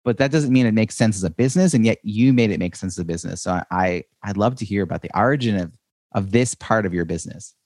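A man with a low voice asks long, rambling questions in a conversational interview. The sound is dry and close, with no room echo, and he circles through fillers before landing on each question. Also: fast, darkish tone. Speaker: podcast host.

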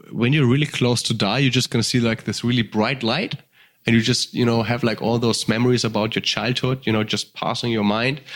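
A man from Germany with a German accent, telling a story in casual conversation, swearing freely and full of fillers. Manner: animated, acts out voices with sudden high pitch jumps. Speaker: guest.

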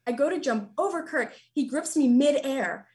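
A woman in her thirties, a nurse and podcast guest, telling funny stories in an animated, laughing way. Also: sits high, moderate pace. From United States. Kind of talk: casual storytelling.

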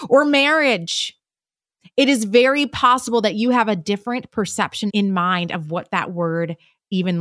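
A woman's voice: medium pitch, fairly bright tone, no room sound. Earnest teaching woman, dry close sound. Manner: earnest, rhetorical questions, teacherly emphasis. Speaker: podcast host. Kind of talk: teaching monologue.

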